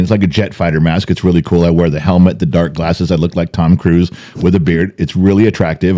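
Older man, podcast co-host, casual storytelling, dark warm tone, big swings in pitch. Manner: animated storyteller, acts out voices. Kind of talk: casual chat.

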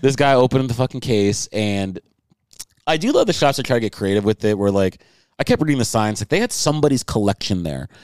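A man's voice: medium pitch, expressive, brisk, darkish tone, clear, resonant tone, no echo, clean studio sound. A young man co-hosting a podcast in casual chat, rambling, swearing often and acting out quotes. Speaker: podcast co-host.

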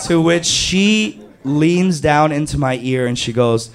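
A man doing stand-up storytelling, animated, jumping to high panicked yelps when he quotes himself. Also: slow pace, hardly any pauses. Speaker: stand-up comedian.

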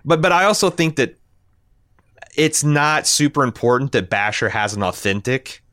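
A man in his thirties chatting casually about a movie, rambling and animated with frequent swearing. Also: medium pitch, moderate pace, no room sound, studio quality. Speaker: podcast co-host.

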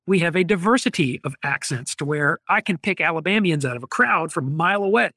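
Exasperated man, bright voice. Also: a little high, no room sound, studio quality. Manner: opinionated, exasperated, rambling critique. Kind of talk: casual critical chat.

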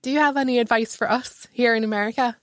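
A woman's voice: on the high side, steady tone, fast, no echo, studio quality. A woman podcast host asking curious questions with brief affirmations. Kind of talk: conversational interview.

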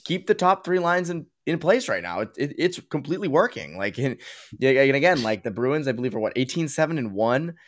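Boston-area guy hosting a sports podcast, mid pitch, rambles and restarts a lot. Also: very animated, a little fast. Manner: rambling, many fillers and restarts. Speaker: podcast host. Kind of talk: casual sports talk.

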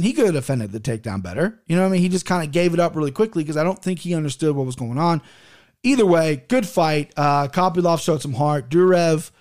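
A man's voice: on the high side, darkish tone. A man hosting a casual solo commentary podcast, blunt and opinionated, swearing freely as he reviews fights. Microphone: headphones and desk mic.

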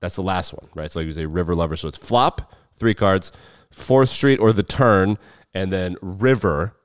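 A man's voice: sits low, moderate pace, clean tone, no room sound, clean studio sound. A man co-hosting a podcast, casually explaining things step by step and swearing freely. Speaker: podcast co-host.

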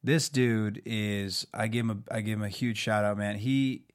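A man's voice: on the low side, normal speed, clean tone. A man in his thirties co-hosting a casual show, telling stories with lots of energy and doing goofy voices when quoting people. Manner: animated storyteller, does goofy voices for quotes. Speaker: actor and podcast co-host. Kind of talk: casual chat.

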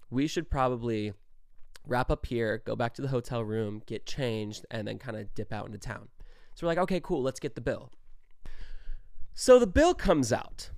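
A young man in his twenties telling a story in a casual, animated way, swearing often and stressing his words. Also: medium pitch, smooth, no echo, clean studio sound. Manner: animated, profane, emphatic storytelling.

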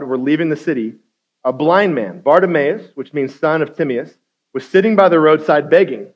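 Preaching man with a slightly high voice. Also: dull audio. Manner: conversational preaching with acted-out quotes, climbing to loud intensity. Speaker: guest speaker. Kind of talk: sermon.

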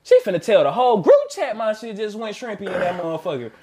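A man's voice: high voice, very animated, quick pace, a loud crowd. A young man telling a boastful story animatedly in a casual chat with friends.

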